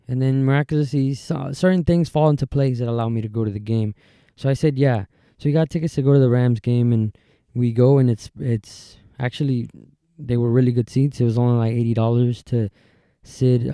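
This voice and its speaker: A man tells a story in a casual, rambling way, full of fillers and restarts. His voice is very dark and mellow, at an ordinary pitch. The recording is close and dry, with no room sound. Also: clear, resonant tone, no room sound. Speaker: podcast host.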